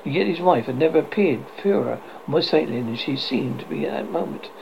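A man narrating a classic story aloud in a steady reading voice, with occasional small slips. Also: fairly high pitch, a little fast, vocal fry. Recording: slightly dull, faint hiss.

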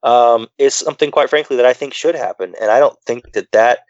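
A man's voice: medium pitch, a little fast, dry recording, lo-fi sound. A man co-hosting a casual political chat, rambling with many fillers and restarts. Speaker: podcast co-host.

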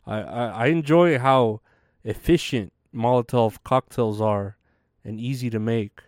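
A man's voice: mid-range voice, a little slow, darkish tone, no room sound, studio quality. A young man hosting a show, rambling casually and cursing often between laughs. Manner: profane, chatty, laughs often. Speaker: podcast host.

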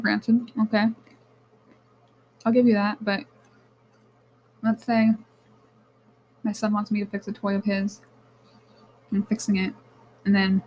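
A woman's voice: mid-range voice, a little hiss or hum, poor audio. Candid young woman telling stories casually. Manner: candid, animated storytelling with frequent swearing. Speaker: podcast host. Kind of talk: casual personal monologue.

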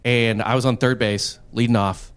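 A man's voice: medium pitch, normal speed, clean tone. A man co-hosting a podcast, telling stories with lots of swearing and acting out the people in them. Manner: animated storyteller, swears, acts out voices. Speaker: podcast co-host. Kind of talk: casual storytelling banter.

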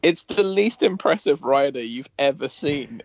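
A man's voice: fairly high pitch, lively intonation, a little mellow, dry recording, highs cut off. A man, co-hosting a podcast, who laughs a lot while telling stories. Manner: laughing storyteller, quick banter. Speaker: podcast co-host. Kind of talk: casual chat.

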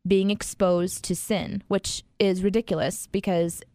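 A woman's voice: mid-range voice, little pitch movement, unhurried, dark tone, no echo. A woman telling a personal story in casual conversation, rambling with many fillers and frequent laughs. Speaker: guest sharing her story.

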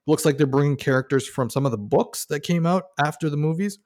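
A man co-hosting a casual podcast chat. He talks excitedly, swears freely and keeps asking questions. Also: on the high side, a little fast. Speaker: podcast co-host.

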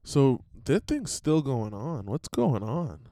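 A man's voice: mid-range voice, very animated, slow, dark tone, no echo, studio quality. A man hosting his own podcast, rambling through a profane, self-interrupting rant and mimicking other people's voices. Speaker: podcast host. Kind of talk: casual ranting monologue.

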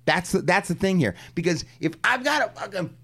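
Man, podcast co-host, crude casual banter, animated, swooping pitch, bright tone. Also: a little fast, husky. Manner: animated, boastful storyteller.

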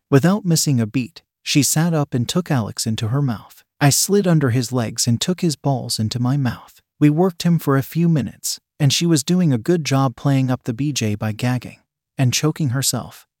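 A man's voice: mid-range voice, darkish tone, dry recording. Man reading a story, dry close sound. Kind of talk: scripted story narration.

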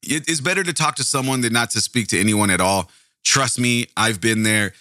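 Brief: a rambling male true-crime podcaster, sharp and forceful, in a dry close recording. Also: mid-range voice, brisk, no echo. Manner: rambling, self-interrupting, swears casually. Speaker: podcast host.

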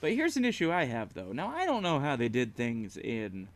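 Sardonic man with a lively voice. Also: mid-range voice, normal speed. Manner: sardonic quips. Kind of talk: casual chat.

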